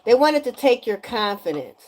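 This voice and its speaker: A woman giving a casual spiritual energy reading to viewers, animated and emphatic, often repeating her lines and slipping into slang. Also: fairly high pitch, normal speed. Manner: animated, breaks into singing, emphatic and preachy.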